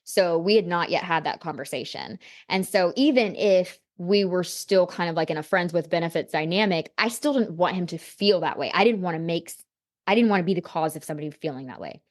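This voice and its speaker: A woman's voice: fairly low pitch, fairly quick. A woman guest on a podcast interview, telling a personal story in a reflective, candid way with frequent casual fillers. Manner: reflective, personal, heavy on "you know" and "like".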